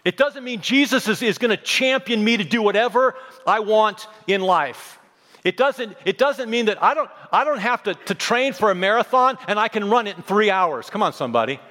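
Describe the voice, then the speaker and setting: A man's voice: high-pitched, animated, moderate pace, sharp tone, in a large hall. A man in his fifties preaching a sermon, emphatic, repeating phrases and throwing in humorous asides. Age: 50s. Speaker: pastor.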